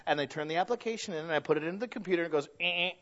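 A male pastor with a high voice delivers a sermon. He swings from quiet, intimate asides to loud, stretched-out proclamations. The sound is dull and lo-fi. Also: very fast. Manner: dynamic preaching, swinging from hushed to loud and drawn out.

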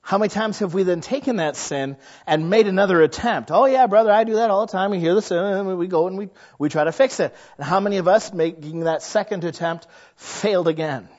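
A pastor with a high-pitched, brisk voice preaches conversationally, acting out the inner thoughts of his listeners. The sound quality is lo-fi.

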